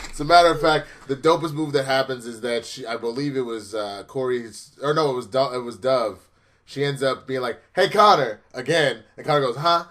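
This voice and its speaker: A man's voice: medium pitch, a little fast, a bit bright. A man co-hosting a casual TV review, talking animatedly, laughing often and acting out scenes. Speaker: co-host reviewing a TV episode. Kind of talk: casual chat.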